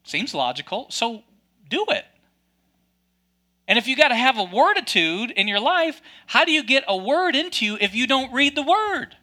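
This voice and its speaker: A male pastor preaching a sermon in a lively, conversational way with joking asides. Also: very high voice, moderate pace.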